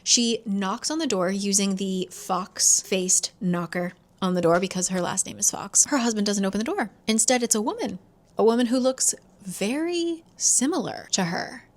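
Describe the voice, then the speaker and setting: A woman's voice: mid-range voice, moderate pace. A woman casually retelling a thriller's plot as a book channel host, chatty and full of "like". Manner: chatty, fillers like "like", acts out quoted lines.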